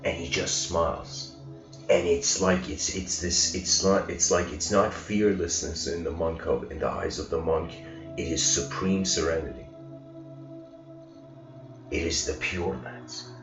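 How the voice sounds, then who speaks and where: A man's voice: deep voice, fairly even intonation, measured pace. A man giving a casual storytelling lecture, rambling and acting out the quoted lines with rising intensity. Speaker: spiritual lecturer. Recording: roomy, dull lo-fi recording with faint music.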